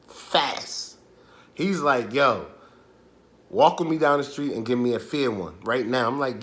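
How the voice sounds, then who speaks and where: A young man telling a true street story in casual, animated, profane slang. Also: mid-range voice.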